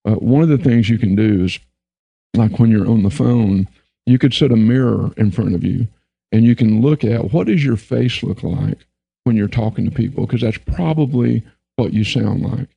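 Man, gravelly low voice, dark husky tone, dry close sound, earnest storytelling, remote call. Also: moderate pace, dry recording, dull audio. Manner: relaxed, earnest, anecdotal with frequent restarts. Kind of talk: conversational storytelling and advice. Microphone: remote video call.

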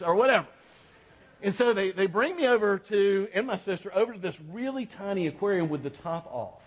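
A man's voice: sits high, expressive, a little fast. A male pastor preaching a sermon, telling a folksy story and joking with the congregation. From American South. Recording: long hall reverb, dull sound.

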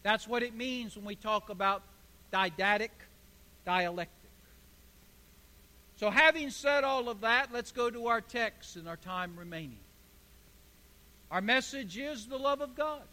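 A man preaching a sermon as pastor, emphatic and building to forceful declarations. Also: sits high, measured pace, long pauses. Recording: hall reverb.

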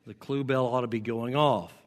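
A pastor with a faint Southern American accent preaching a sermon, stressing his key lines and repeating them slowly. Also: medium pitch, steady tone. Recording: long hall reverb.

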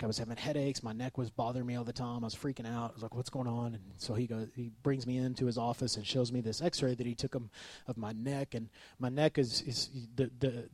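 A man preaching through a personal story, self-mocking and animated, often getting loud and excited. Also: medium pitch, dry recording. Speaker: pastor. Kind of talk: sermon storytelling.

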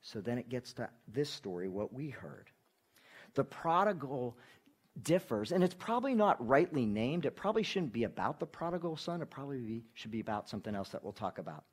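A man preaching a sermon as pastor, talking to the congregation in an animated, conversational way, checking in with tag questions and sometimes dropping to a hush for emphasis. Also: mid-range voice, fairly quick, breathy edge.

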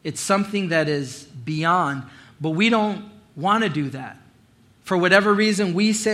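A man, a pastor, preaching a sermon with animated storytelling. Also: high voice, a little slow. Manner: animated storytelling, acting out voices and quotes.

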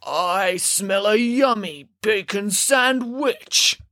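A woman's voice: mid-range voice, drawn-out words, sharp tone, dry recording, clean studio sound. A woman voicing a greedy, bellowing old male giant in a storybook tale.

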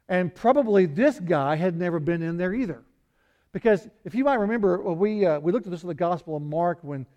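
A man's voice: sits high, mellow, dull audio. A man preaching a conversational Bible sermon, acting out quoted lines with small laughs and sighs. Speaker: pastor.

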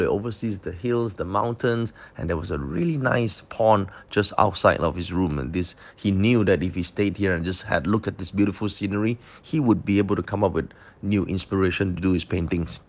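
A man's voice: on the low side, vocal fry. A man telling a parable-like story informally, rambling with many fillers and restarts.

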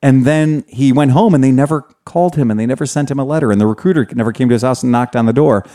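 A man who owns a motorcycle shop, telling stories in a casual, profane, animated way. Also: medium pitch, fast. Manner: animated, profane, laughing storyteller. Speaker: motorcycle dealership owner. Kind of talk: casual storytelling chat.

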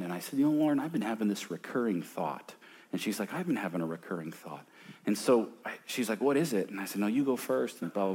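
A man in his thirties, a pastor preaching a sermon, moving from loud emphatic points to hushed storytelling. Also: deep voice. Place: church sanctuary.

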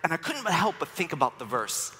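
Man, 40s, from new york, sermon with personal testimony, playful storyteller, slightly high voice, long church reverb. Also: very animated, fairly quick, bright, forceful tone. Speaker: church speaker. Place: church sanctuary.

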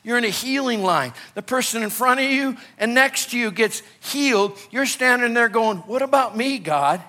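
High bright-voiced preacher guy from illinois, lively sermon, gets loud then quiet. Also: moderate pace. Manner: animated, swings from loud to hushed. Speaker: pastor.

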